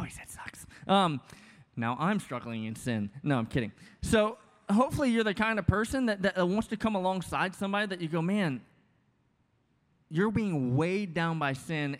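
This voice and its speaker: A man in his thirties, a pastor preaching a sermon in a casual, joking, conversational way with many asides. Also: on the high side. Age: 30s. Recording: long hall reverb.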